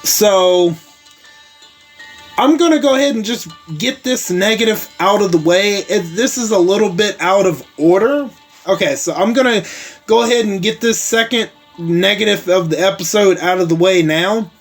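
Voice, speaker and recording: A man's voice: sits high, moderate pace, soft background music. A man hosting a casual TV episode recap, rambling along with lots of "like" and "uh" fillers and some casual swearing.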